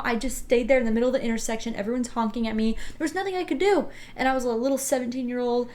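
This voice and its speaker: Animated young woman podcast host. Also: on the high side, fast talker, hardly any pauses. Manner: animated storytelling, laughs often. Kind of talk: casual chat.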